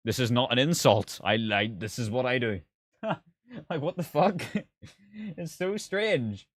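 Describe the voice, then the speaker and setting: A game reviewer chats casually on a live stream, responding to viewer comments with exasperated sarcasm, laughter, swearing and disbelief. His mid-range voice is expressive and his pace normal, with no room sound.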